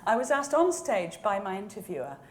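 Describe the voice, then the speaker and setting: A woman's voice: mid-range voice, sing-song, fairly quick. A woman author speaking on a festival panel, articulate and wry. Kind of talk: panel discussion. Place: festival stage.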